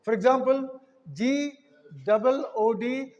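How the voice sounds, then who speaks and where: A man with a very high voice teaches English pronunciation at a markedly slow, deliberate pace, sounding out example words one by one. The dull, lo-fi recording carries a long reverb tail. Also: a little mellow. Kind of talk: spoken English lesson.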